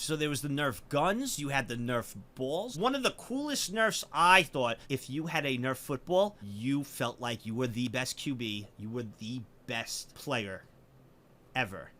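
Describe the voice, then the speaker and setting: A man hosting a reaction video, talking in an animated, profane, joking way. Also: on the high side. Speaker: host.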